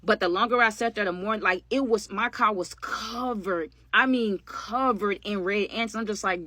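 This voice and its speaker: A woman's voice: mid-range voice, brisk, hardly any pauses, pushed and bright, dry recording. A woman telling a storytime tale to her viewers in a chatty, slangy way, calling them y'all, with dry sarcastic asides. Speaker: storytime vlogger. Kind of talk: casual storytime narration.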